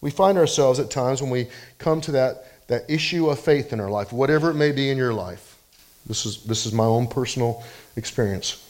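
A man preaching a sermon in an animated way, rising loud when he quotes people and dropping soft and low for personal appeals. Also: normal speed. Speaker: pastor.

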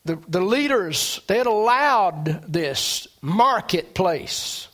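A man preaching a sermon, animated, with dramatic swings in pitch and loudness. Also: slow pace.

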